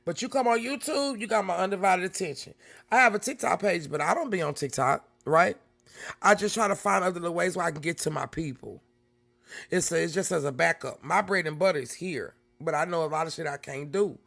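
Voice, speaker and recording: A woman's voice: on the low side, fairly quick, vocal fry, a bit bright, soft background music. Blunt, profane woman streamer talking to her chat. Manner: blunt, profane, talks straight to her viewers. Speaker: livestream host. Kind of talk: casual livestream chat.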